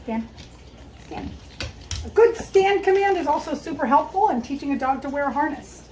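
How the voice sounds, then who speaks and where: A woman with a high voice walks through a dog-training lesson, explaining each move as she makes it. She stops now and then to praise the dog softly. Faint background noise sits under her voice. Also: animated, quick pace, rough recording. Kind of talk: instructional demonstration.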